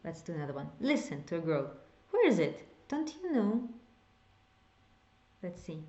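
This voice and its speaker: A woman's voice: lowish voice, huge pitch swings, warm tone. Woman, language teacher, patient step-by-step explanations, echoey room, slightly muffled sound. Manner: explains slowly, repeats example phrases, whispers some words to demonstrate. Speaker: Hebrew teacher. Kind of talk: online language lesson.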